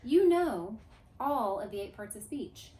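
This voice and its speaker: A woman teacher with a slightly high voice and an unhurried pace leads a class through a grammar review, coaxing answers and leading chants in a lively way. The classroom has a board and the room sounds echoey.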